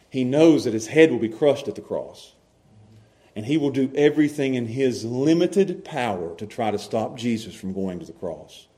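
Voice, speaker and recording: A man preaching a sermon as pastor, animated, swinging from loud to hushed and laughing often. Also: medium pitch.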